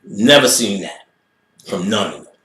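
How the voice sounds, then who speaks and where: Animated New man telling a story. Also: lowish voice, a little slow, echoey room. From Queens, New York. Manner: animated, profane, acts out quoted voices. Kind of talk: casual storytelling.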